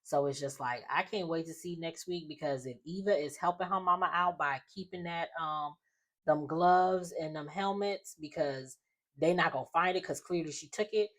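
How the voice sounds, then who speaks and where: A young woman with a noticeably low-pitched voice talks through a soap opera recap in a relaxed, chatty way. She slips into the characters' lines as she retells each scene. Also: moderate pace. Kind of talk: casual episode recap.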